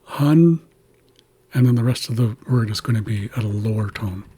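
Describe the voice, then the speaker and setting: A man patiently teaching how to pronounce words in an Indigenous language, slowly sounding out each syllable. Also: fairly low pitch, level tone, warm tone, husky. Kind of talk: explaining pronunciation of an Indigenous language.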